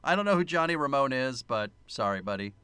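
A man's voice: mid-range voice, lively intonation, fast talker, sharp tone, smooth, dry recording. A man co-hosting a film podcast in casual chat, sarcastic and profane, with mock-indignant asides. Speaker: podcast co-host.

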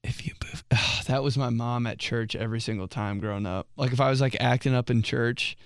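In a clean studio with no room sound, a podcast host talks fairly quickly in a clear, resonant, medium-pitched voice. He jokes around and laughs a lot as he reads listener submissions in a casual comedic chat.

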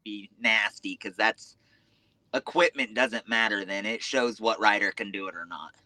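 A man's voice: lowish voice, normal speed, sharp tone, dry recording. A man, a dirt bike racer talking frankly and easily as a podcast guest. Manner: easygoing, frank, casual filler words. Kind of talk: casual chat.

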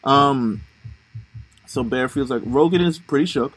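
A man's voice: medium pitch, measured pace, a bit bright, breathy edge, low-quality recording. A young man co-hosting a casual chat, rambling with lots of fillers and slang. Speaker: podcast co-host. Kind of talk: casual chat recapping a reality show.

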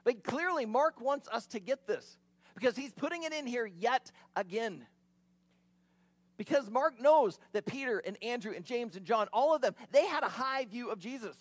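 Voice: mid-range voice, expressive, moderate pace, dry recording. A preacher giving an expository sermon, retelling the scene in a vivid, conversational way with casual asides.

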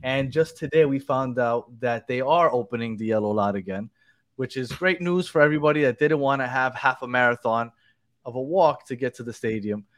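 A man's voice: mid-range voice, fairly quick, a bit bright, dry recording, clean studio sound. A man hosting a podcast, giving updates in a rambling, casual chat. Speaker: podcast host.

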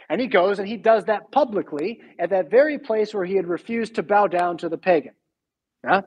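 Husky, high-voiced preacher. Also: male voice, fairly quick, low-quality recording. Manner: emphatic, rhetorical questions. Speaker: pastor. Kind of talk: sermon.

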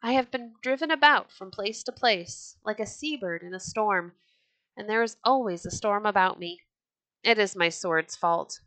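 A woman's voice: medium pitch, moderate pace, fairly bright tone, no room sound, natural voice, low-quality recording. A woman voicing a bold, hot-tempered red-bearded Viking chieftain in a storybook reading, with a hearty, declaiming manner. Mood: restless.

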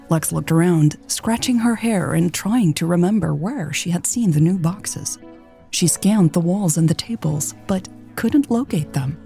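A woman narrating a romance story in a calm, even audiobook style. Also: fairly low pitch, measured pace, faint music behind.

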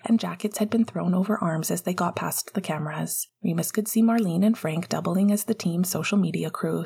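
A woman reads a story aloud in a soft, intimate manner, often slipping into a whisper. Her voice is fairly low with a gravelly, husky texture. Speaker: audiobook narrator. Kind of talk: fan fiction audiobook narration, partly whispered.

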